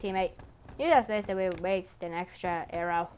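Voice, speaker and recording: A gaming YouTuber giving live commentary over a match, chatty and excitable, talking to enemies on screen and screaming when startled. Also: mid-range voice, fairly quick, a little hiss or hum.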